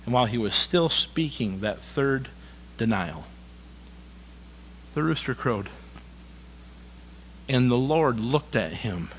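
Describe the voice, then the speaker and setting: A man's voice: mid-range voice, lively intonation, slow pace, pauses often, a little hiss or hum, low-quality recording. Man preaching, dramatic scripture reading. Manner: dramatic scripture reading with sudden quiet emphasis; folksy, conversational asides. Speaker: pastor. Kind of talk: sermon.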